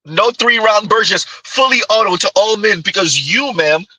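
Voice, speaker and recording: A man hosts a casual stream, reacting to clips with a mocking, giggling delivery. His voice sits high and very bright, with a husky edge. The sound is dry and close. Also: lively intonation, normal speed, no room sound, poor audio.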